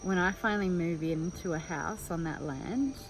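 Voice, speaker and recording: A woman's voice: on the low side, moderate pace, rough recording. Vlogger, woman, chatty and candid, music and crickets underneath. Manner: chatty and open, thinking aloud. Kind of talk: candid personal vlog.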